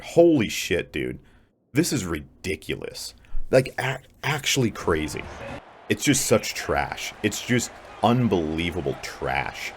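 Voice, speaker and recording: Low-voiced frustrated gamer doing play-by-play. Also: male voice, very animated, takes it slowly. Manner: frustrated, swears a lot, sarcastic, prone to angry outbursts. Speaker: gamer commentating his own play. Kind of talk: casual play-by-play commentary of a video game. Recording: game music clearly heard behind voice.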